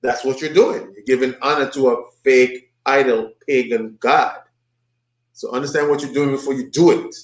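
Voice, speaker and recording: A man teaching a bible study, commenting on a played video in an emphatic, mocking preaching manner that repeats points with rising pitch. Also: steady tone, normal speed, reverberant, low-quality recording.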